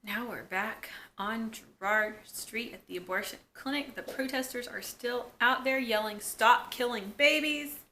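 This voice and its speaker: A woman talks through a TV episode in a casual vlog, her voice bright and sharp. She sits fairly high in pitch. She chats freely, with fillers and excited asides. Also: unhurried, hardly any pauses, slight background noise. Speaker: YouTube episode reviewer.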